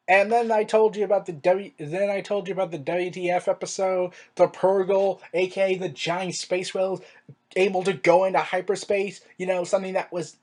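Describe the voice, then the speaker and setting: A reviewer in a casual monologue, rambling with fillers and restarts and firing off exasperated rhetorical questions, their pitch jumping up on emphasis. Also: little pitch movement, moderate pace. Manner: pitch swings up sharply on emphasis. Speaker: show reviewer.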